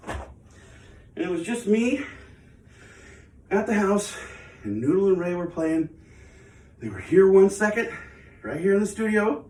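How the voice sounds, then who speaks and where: A man's voice: on the high side, a little mellow, recorded from a distance. Breathless man in an echoey studio. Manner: chatty, rambling, self-mocking. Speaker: channel host. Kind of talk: casual vlog talk while exercising. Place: home studio. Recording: echoey room, away from the mic.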